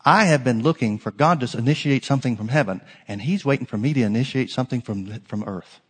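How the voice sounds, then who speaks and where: A man preaching a sermon as pastor, emphatic, swinging from loud declarations to hushed lines. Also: medium pitch, quick pace, breathy edge, big-room sound.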